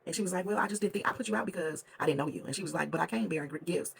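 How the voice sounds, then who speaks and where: A host chatting through a reality TV reunion recap, gossipy and animated, quoting cast members in quick asides. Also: medium pitch, gravelly, a little hiss or hum.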